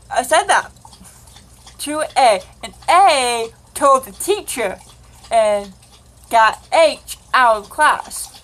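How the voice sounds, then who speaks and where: A woman's voice: a little high, expressive, very slow, a bit bright, rough recording. A woman vlogger telling a rambling, casual confessional story and acting out the dialogue. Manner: rambling, acts out quoted dialogue.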